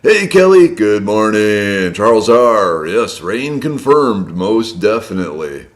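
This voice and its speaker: Slightly hoarse man hosting a live stream. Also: fairly low pitch, very animated, slow. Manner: friendly, chatty, greets viewers by name. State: slightly hoarse from a long day of loud speaking. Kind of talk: casual live-stream chat greeting viewers. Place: indoors at his home.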